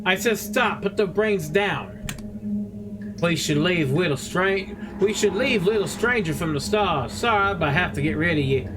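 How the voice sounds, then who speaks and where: A man livestreams a game, talking casually and reading its text aloud in a blunt manner that includes swearing. His voice is very high for a man. A steady noise hums behind the recording. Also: moderate pace. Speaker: game streamer. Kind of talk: casual gameplay commentary.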